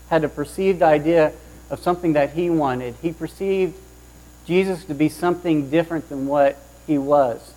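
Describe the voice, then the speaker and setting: A man preaching a sermon, opening with a lively personal story and acting out the voices of the people in it. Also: on the high side, rough recording. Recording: mains hum underneath.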